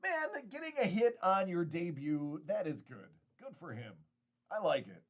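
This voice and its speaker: A man's voice: high voice, big pitch swings, measured pace, highs cut off. A man hosting a casual live stream, chatting and joking with viewers, often laughing and restarting his sentences. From United States. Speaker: host of a card-collecting live stream.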